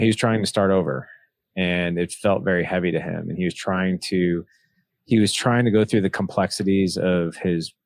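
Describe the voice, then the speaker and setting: Deep-voiced man in his forties. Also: no room sound. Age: 40s. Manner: earnest, reflective, acts out dialogue from memory. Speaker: podcast guest, author. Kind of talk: candid personal storytelling.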